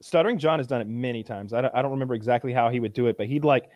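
A man's voice: mid-range voice, racing, a little mellow, no echo. A young man in casual podcast chat, rambling with lots of fillers and restarts.

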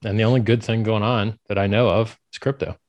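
A man's voice: fairly low pitch, steady tone, fairly quick, a little mellow, dry recording, muffled recording. A man with a blunt, opinionated manner, speaking as a guest in a casual interview.

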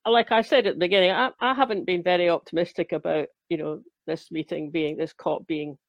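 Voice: mid-range voice, fairly even intonation, brisk, gravelly, no room sound. Hesitant podcast host in a dry room. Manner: hesitant, repeats words, frequent agreeing. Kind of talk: casual podcast conversation.

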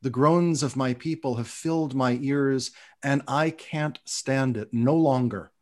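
A man's voice: mid-range voice, measured pace, natural voice. A man reading as a solemn God issuing a command.

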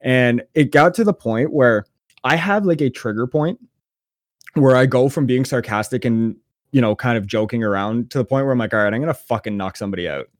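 A man co-hosting a podcast, telling a story in casual chat with a sarcastic, profane, animated manner. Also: mid-range voice, moderate pace, no room sound, studio quality. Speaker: podcast co-host.

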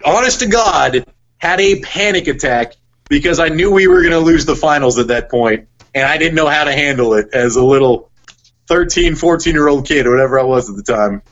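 A young man talking in casual podcast chat, lively and full of "like"s as he tells stories. His voice sits fairly high. The recording is dull and lo-fi. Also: brisk. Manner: animated storyteller, heavy use of "like". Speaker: podcast guest, sports broadcaster.

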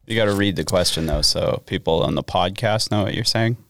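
A man co-hosts a casual podcast, mostly dropping in short remarks and nudging his partner along. His voice is very deep. The sound is dry and close. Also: brisk, gravelly, a bit bright, no room sound. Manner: brief interjections, prompts his co-host. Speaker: podcast co-host.

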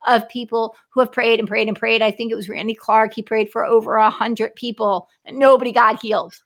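Earnest woman host with a gravelly edge. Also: on the high side, fairly even intonation, a little fast. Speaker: talk show host. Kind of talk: conversational interview.

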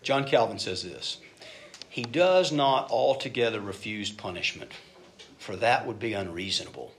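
A middle-aged man preaching a sermon, telling stories and shifting between loud emphatic bursts and soft asides. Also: on the low side, lively intonation, normal speed, slight background noise. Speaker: pastor.

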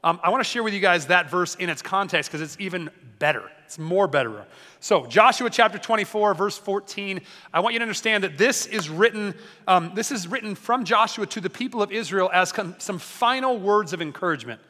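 A man preaching a sermon as a pastor, energetic and conversational, often joking with the congregation. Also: high-pitched, fairly quick, long reverb tail.

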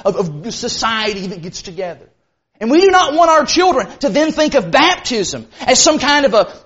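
A man preaching a sermon in an earnest, emphatic way, rushing some phrases and slowing hard on others. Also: very high voice, fairly bright tone, muffled recording. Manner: earnest, emphatic, with sudden bursts of speed and slow stressed phrases.

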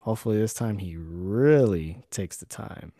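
A young man co-hosting a casual sports podcast, speaking softly and haltingly with a wry edge. His voice is low and gravelly. The recording is dry and close. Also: animated, no room sound. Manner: soft-spoken, halting, wry. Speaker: podcast co-host.

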